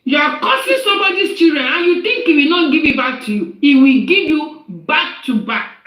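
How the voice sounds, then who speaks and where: A woman delivers an angry rant on a live stream, scolding someone with rhetorical questions and repeated phrases. Her voice is high and swoops widely. The room sounds echoey. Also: expressive, normal speed, a bit bright.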